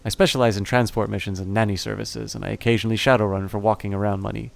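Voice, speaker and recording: A man voicing a small, fierce female orc who works as a nanny, speaking in a brisk, scolding way. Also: fairly low pitch, level tone, vocal fry. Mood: proud.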